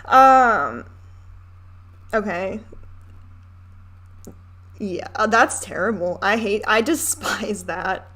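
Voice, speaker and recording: A woman's voice: medium pitch, expressive, very slow, long pauses, a bit bright. Chatty young woman reacting to a film. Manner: chatty and candid, swears and rants with laughs. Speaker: reaction video host. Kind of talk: casual commentary over a film.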